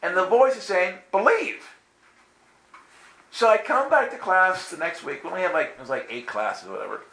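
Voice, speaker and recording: A man tells a personal story with a bright, fairly high voice that swings widely in pitch. He acts out the voices in his tale and laughs often. The room around him is echoey, with faint ambience underneath. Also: lively intonation, fast talker, creaky. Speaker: guest telling a testimony. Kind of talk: animated storytelling.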